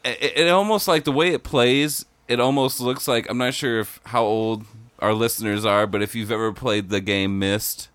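A man's voice: medium pitch, moderate pace, fairly bright tone, smooth, no echo. A man co-hosting a casual podcast, laid-back and giggly, often trailing off mid-thought. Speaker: podcast co-host. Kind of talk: casual horror news chat.

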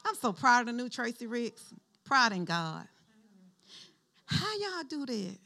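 A middle-aged woman pastor giving a sermon in an animated, conversational style, calling on the congregation to respond. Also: medium pitch, vocal fry.

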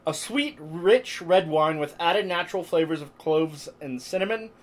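A man's voice: on the high side, expressive, normal speed. A man hosting a podcast, chatting casually and joking, often laughing. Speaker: podcast host. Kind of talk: casual chat. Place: apartment room.

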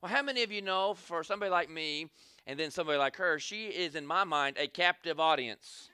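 A man's voice: sits high, quick pace, no echo. A man preaching a sermon, telling a story and calling on the crowd for amens, acting out scenes as he goes. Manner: animated, calls for amens, acts out scenes.

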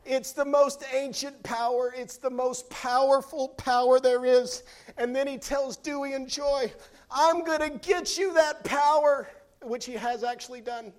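A man's voice: very high-pitched, level tone, moderate pace, darkish tone. A man in his thirties preaching a sermon as pastor, telling a playful story with acted quotes and building to fervent appeals.

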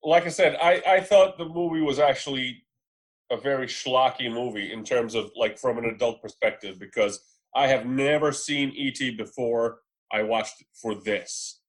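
A man talking casually on a film podcast. He rambles through his opinions with loose, relaxed phrasing and a frank tone. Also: medium pitch, moderate pace. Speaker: podcast panelist.

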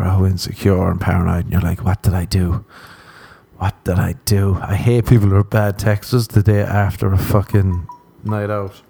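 Low, mellow-voiced man rambling crudely. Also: gravelly, no room sound. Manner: crude, rambling storytelling with acted-out quotes. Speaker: podcast host. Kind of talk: casual comic monologue.

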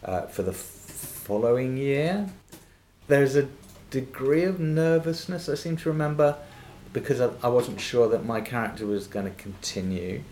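A man's voice: mid-range voice, animated, moderate pace, a little mellow. An older man, an actor guest, telling anecdotes in a podcast interview, laughing often and acting out quoted voices. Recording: echoey room with faint noise.

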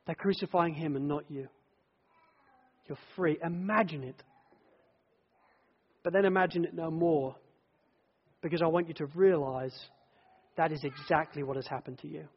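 A man preaching a sermon, telling the story dramatically, swelling from hushed lines to loud ones and repeating phrases in threes. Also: fairly high pitch, normal speed, pauses often, slightly rough, long reverb tail, dull audio.

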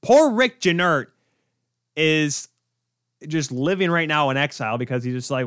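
Young male sports podcast host, fairly high and very animated, ranting in exasperation on a close, dry mic. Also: moderate pace, long pauses, clear, resonant tone, no echo. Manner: ranting, exasperated, rhetorical questions. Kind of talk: solo sports podcast rant.

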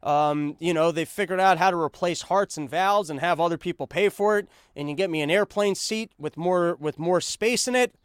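A man's voice: sits high, normal speed, hardly any pauses, clean tone, dry recording, clean studio sound. A man hosting a podcast, delivering a sarcastic, rambling comedic monologue. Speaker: podcast host.

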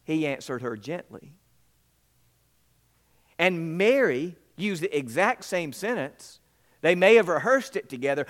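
A male pastor preaches a sermon at an unhurried pace, in a fairly high voice. He hammers his points home with repetition and emphasis. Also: big pitch swings.

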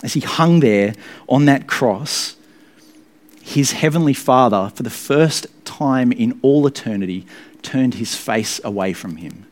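Male preacher at a mid pitch, earnest and emphatic, giving a sermon with sudden lifts in his voice. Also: expressive, measured pace.

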